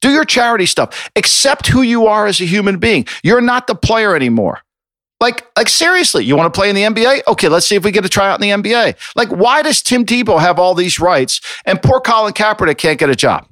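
A man's voice: sits high, expressive, a little fast, fairly bright tone, no room sound, studio quality. A man co-hosting a sports podcast, ranting with exasperation and swearing freely. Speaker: podcast co-host. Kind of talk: heated sports opinion talk.

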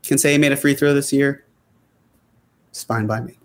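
A man's voice: medium pitch, fairly even intonation, moderate pace. A man hosting a casual sports talk show, reading viewer comments in a loose, chatty way with many fillers and restarts. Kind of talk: casual chat.

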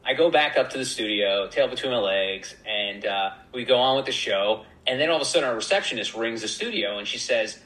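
A man telling a story as a podcast guest in a casual, animated way, acting out the voices of the people in it. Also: mid-range voice, a little fast, hardly any pauses, roomy sound, poor audio. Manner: animated, acts out voices in quotes.

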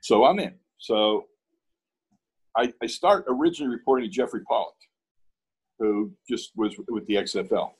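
A man's voice: on the low side, moderate pace, long pauses, breathy edge, poor audio. A man from Pittsburgh, a guest in an interview, telling a story in a casual way and acting out both sides of the dialogue.

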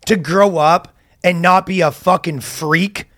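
A man's voice: sits high, fairly even intonation, unhurried, fairly bright tone. A man hosting a comedy podcast, telling crude, joking stories full of swearing in casual chat. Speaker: podcast host.

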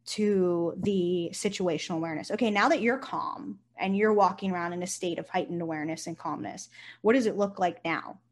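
A woman, a nurse and company founder, talking casually in an interview and telling stories with lively, acted-out quotes. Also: on the low side, brisk. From United States. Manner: animated storyteller, acts out quotes, swears casually.

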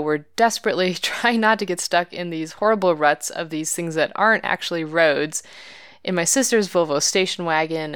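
A woman's voice: fairly low pitch, a bit bright, clean tone, no room sound, clean studio sound. A woman hosting a hiking podcast, telling a story about herself in a candid, self-deprecating way with light laughs. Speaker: podcast host. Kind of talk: scripted podcast narration.

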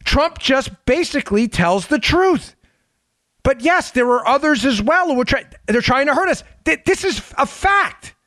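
A man's voice: extremely high pitch, lively intonation, moderate pace, a bit bright, no echo, studio quality. A man hosting a podcast, giving emphatic, sarcastic political commentary and repeating phrases for effect. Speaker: podcast host.

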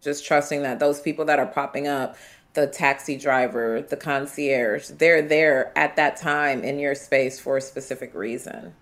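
A woman from the United States, a guest in an interview, telling personal travel stories in a vivid, animated way with quoted asides. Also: extremely low pitch, measured pace. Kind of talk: storytelling interview.

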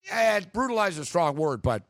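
A man's voice: high voice, no room sound, clean studio sound. Ranting man on a sports show. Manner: ranting, animated, quick asides. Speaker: sports podcast co-host. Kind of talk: casual sports talk.

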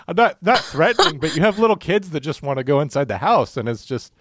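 A man's voice: a little high, big pitch swings, quick pace, hardly any pauses, fairly bright tone, no echo. A man co-hosting a podcast, a former police officer, telling rambling jokey stories with lots of fillers. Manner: joking, rambling storytelling with fillers. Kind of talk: casual podcast banter.

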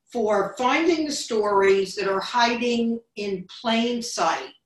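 A woman hosting a bookstore author interview, reading a prepared introduction and then asking questions. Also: a little high. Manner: reads a scripted introduction, then asks questions. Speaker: bookstore event host. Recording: echoey room, distant mic.

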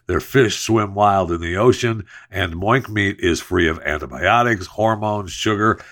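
A podcast host with a deep, fairly bright voice reads an ad in a loose, jokey way, full of playful asides, then moves into casual sports news talk on his show.

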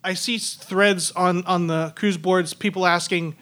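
A man's voice: high-pitched, steady tone, measured pace, a bit bright. A man on a live podcast panel, speaking earnestly and encouragingly. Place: theater on a cruise ship, live audience.

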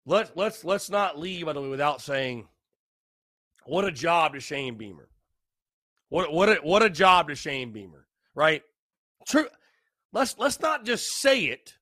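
A man's voice: a little high, sing-song, measured pace, pauses often, bright, forceful tone, no room sound, clean studio sound. Tipsy, rambling man. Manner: rambling, repetitive, loose and tipsy. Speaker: podcast host. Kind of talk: casual solo podcast talk.

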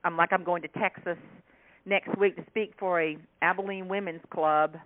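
A woman from South Carolina, an author and humorist, telling stories in an animated way as a guest in an interview. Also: fairly low pitch, moderate pace. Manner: animated, laughing storyteller. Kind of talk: storytelling interview chat. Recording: tinny phone line.

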